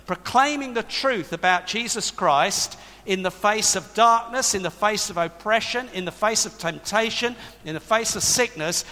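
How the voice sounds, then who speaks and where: High-voiced, bright male preacher in a hall. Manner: emphatic, conversational preaching with asides to the congregation. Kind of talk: sermon. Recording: long reverb of a large hall.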